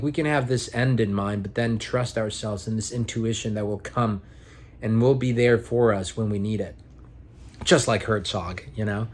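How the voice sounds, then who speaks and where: A young man talking at home in a casual, reflective vlog monologue, rambling and earnest with some casual swearing. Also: mid-range voice. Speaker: vlogger and aspiring actor.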